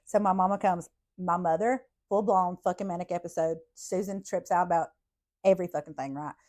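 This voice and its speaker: A woman, a podcast host telling childhood stories in a blunt, profane, animated way. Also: fairly low pitch, brisk. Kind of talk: casual storytelling.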